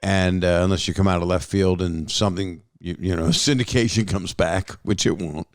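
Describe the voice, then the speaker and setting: A male podcast host with a fairly low voice, chatting in a loose, jokey way and often cutting in on his guest. His voice is recorded close and dry, with almost no room sound. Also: steady tone, moderate pace, dry recording. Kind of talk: casual interview chat.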